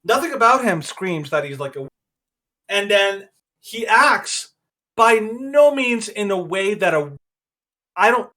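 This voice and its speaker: A man's voice: high-pitched, lively intonation, slow, long pauses, pushed and bright. A man hosting a podcast, giving rambling, opinionated commentary with frequent restarts. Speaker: podcast host.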